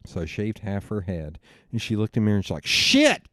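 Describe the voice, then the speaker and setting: A man's voice: lowish voice, quick pace, no room sound, studio quality. A young man hosting a podcast, telling family stories in casual chat and acting out the voices of his relatives with laughs along the way. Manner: animated storyteller, quoting family with laughs. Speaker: podcast host.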